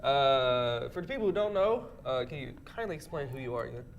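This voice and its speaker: A man's voice: mid-range voice, lively intonation, a little fast, dull audio, over a noisy crowd. A young man with a stuffy, nasal voice from a cold, co-hosting a casual music commentary show and leading the segments with an upbeat tone. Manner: upbeat, laughs often, leads the segments. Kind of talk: casual chat.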